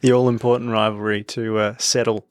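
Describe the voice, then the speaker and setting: A man's voice: on the low side, little pitch movement, fairly quick, clean tone, no room sound. A young Australian man co-hosting a sports podcast, laid-back and casual, dropping "mate" often. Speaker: podcast co-host.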